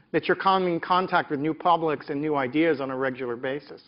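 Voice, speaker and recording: A man's voice: fairly high pitch, quick pace, hardly any pauses, dull audio. A middle-aged man from the American South, a professor telling stories from his career in an interview, with the rising cadences of a preacher. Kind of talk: reflective interview talk.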